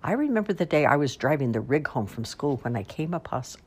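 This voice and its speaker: A woman's voice: low-pitched, sing-song, brisk, slight background noise. A woman voicing a spry elderly great-aunt telling a tall tale in a folksy, emphatic way. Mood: dramatic.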